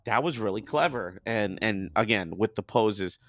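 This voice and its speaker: A man's voice: lowish voice, lively intonation, normal speed, fairly bright tone, dry recording. A man joining a casual podcast chat as a guest, laughing often and repeating words as he talks.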